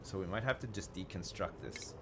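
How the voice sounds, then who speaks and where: A man's voice: low voice, a little fast, background noise. A man streaming a video game, rambling and thinking aloud in casual commentary, swearing now and then.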